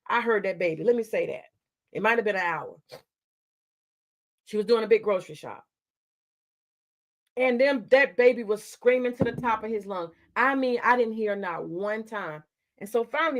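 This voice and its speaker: A woman talks straight to her livestream chat. Her voice sits somewhat high, and she argues in a confrontational, profane, unfiltered way. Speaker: livestream host.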